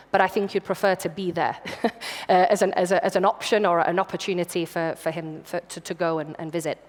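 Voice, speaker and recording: Woman giving a conference talk. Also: medium pitch. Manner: conversational, with restarts and laughs. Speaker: conference speaker. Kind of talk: keynote presentation. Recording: hall reverb.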